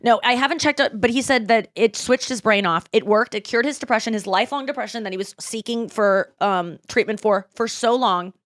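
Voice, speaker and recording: Animated woman podcast host, blunt. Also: on the high side, a little fast, few pauses, no room sound, clean studio sound. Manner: blunt, animated, swearing freely. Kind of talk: casual chat.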